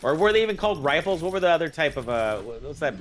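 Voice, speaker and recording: A man's voice: a little high, big pitch swings, rapid-fire, a bit bright, a little hiss or hum. A man co-hosting a game livestream, chatting in a rambling, jokey way and swearing freely. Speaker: game streamer co-host. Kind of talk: casual gaming livestream chat.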